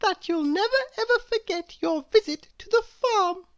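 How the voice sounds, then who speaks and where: A gentle, motherly female mouse from a children's story, voiced by a man reading aloud. She speaks in a soft, sweet falsetto, far above a man's speaking voice. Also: animated, normal speed, no room sound, muffled recording, exaggerated voice. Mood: fond.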